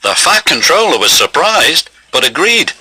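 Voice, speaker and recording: Lively male storybook narrator. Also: on the high side, moderate pace, a little hiss or hum, low-quality recording. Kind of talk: storybook reading. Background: loud music.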